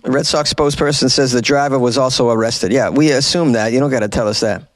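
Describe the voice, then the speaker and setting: A man's voice: medium pitch, fast, no echo. A man hosting a casual comedic news commentary, reading headlines and riffing with joking asides.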